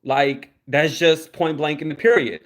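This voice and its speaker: A man's voice: a little high, fairly even intonation, measured pace, a bit bright. A young man giving casual livestream commentary, rambling, repeating words and swearing freely. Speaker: YouTube commentator.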